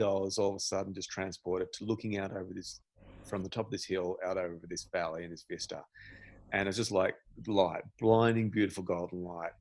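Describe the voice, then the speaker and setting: A man's voice: low-pitched, dry recording. A man in his forties, a meditation teacher, telling a candid, reflective story as a podcast guest, with frequent restarts. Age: 40s.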